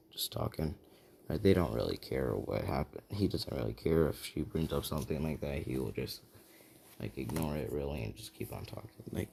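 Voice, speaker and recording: A man's voice: very deep voice, creaky, dark tone, slightly rough. A man casually telling a fan-fiction story, rambling and checking in with the listener.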